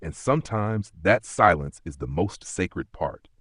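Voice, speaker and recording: A man narrates an audiobook in a measured, solemn voice, pausing often. His tone is low and husky, recorded dry and close. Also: expressive, fairly bright tone, no room sound. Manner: measured, solemn, many pauses. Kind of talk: scripted narration.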